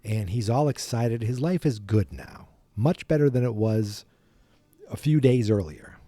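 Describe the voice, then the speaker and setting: A man's voice: mid-range voice, unhurried, mellow, dry recording. A man hosting a podcast, casually retelling a film from memory in a rambling, self-deprecating way. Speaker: podcast host.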